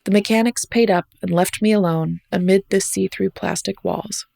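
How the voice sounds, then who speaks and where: An American podcast host from the United States reads aloud her own travel essay, wry and reflective. She has a mid-range, gravelly voice with a steady, darkish tone and normal speed, and there is no room sound.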